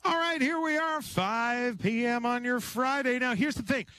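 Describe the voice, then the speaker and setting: Male radio host, chatty and relaxed, very high voice, on location at an event. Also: normal speed, clear, resonant tone, no echo, soft background music. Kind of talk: casual radio hosting. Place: remote broadcast at a fundraising event.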